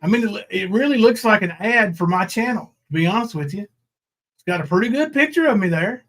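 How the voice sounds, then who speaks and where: A man's voice: high voice, animated, a little fast, a bit bright. A man hosting a livestream, talking in a rambling, sarcastic, coarse way. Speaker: livestream host. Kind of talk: casual livestream commentary.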